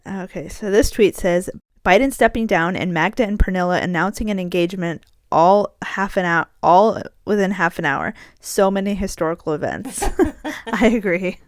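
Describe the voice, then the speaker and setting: A woman's voice: medium pitch, moderate pace, no echo, studio quality. A woman co-hosting a casual chat show, gushing and laughing often. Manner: giggly, gushing. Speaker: co-host.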